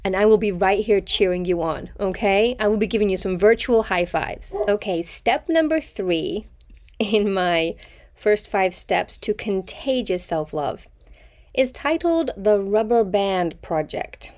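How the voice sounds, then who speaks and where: Brief: woman, self-help podcast host, upbeat and encouraging, mid-pitched, laughs easily. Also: a little slow, darkish tone.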